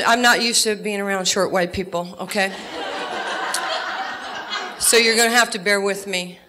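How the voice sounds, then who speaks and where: A woman with a New York accent tells lively stories and jokes as she accepts an award. Her voice is bright and ringing, pitched in a middle range for a woman. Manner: animated storytelling with jokes. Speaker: award recipient. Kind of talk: acceptance speech.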